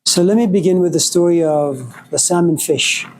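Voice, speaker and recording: A man's voice: on the high side, normal speed, rough recording. A man giving a storytelling lecture in a wry, dramatic way.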